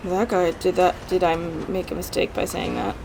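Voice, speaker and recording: A woman hosting a reaction video, commenting casually and excitably, gasping and talking to the screen. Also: lowish voice, normal speed, vocal fry, a little hiss or hum.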